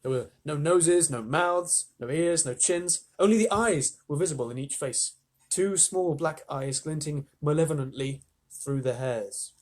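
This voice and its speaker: A man reading a children's storybook aloud to live listeners, animated, with chatty asides. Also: fairly high pitch, a little slow.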